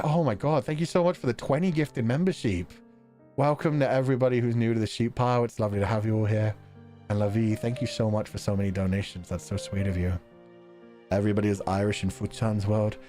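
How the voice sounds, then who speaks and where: A young man streaming casually, chatting with viewers in an animated way, laughing often and swearing casually. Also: mid-range voice. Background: faint background music.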